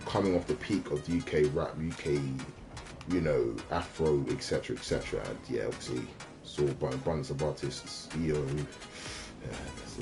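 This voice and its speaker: A man, chatting casually on a livestream in a rambling, slangy way that often breaks off mid-sentence. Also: very deep voice. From South West London. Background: faint radio music.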